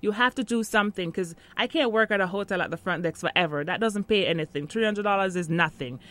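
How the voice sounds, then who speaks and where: A woman's voice: mid-range voice, fast talker, a bit bright. A woman in her thirties from Jamaica with a Jamaican accent, chatting casually in an interview and laughing often.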